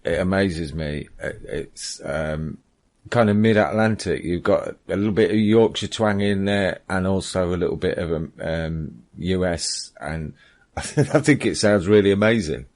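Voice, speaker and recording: A man's voice: low voice, measured pace, a little mellow. A man hosting an internet radio interview, talking hesitantly with many fillers. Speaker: radio show host.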